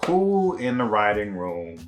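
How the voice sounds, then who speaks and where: A man's voice: fairly low pitch, big pitch swings, takes it slowly, soft background music. A man recapping and reacting to a TV episode in a rambling, conversational way, full of slang and fillers. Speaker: TV show reviewer. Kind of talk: casual recap commentary.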